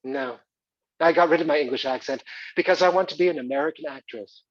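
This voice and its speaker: A man's voice: a little high, fast, natural voice. A man playing a young woman, a self-assured aspiring actress, in a stage play. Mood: proud. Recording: dull lo-fi recording.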